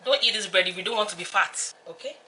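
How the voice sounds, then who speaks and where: A woman's voice: mid-range voice, quick pace, background noise. A young Nigerian woman hosting an eating show, chatting in a hyper, playful way and slipping into song and Yoruba asides. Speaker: mukbang host. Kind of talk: casual eating-show chat.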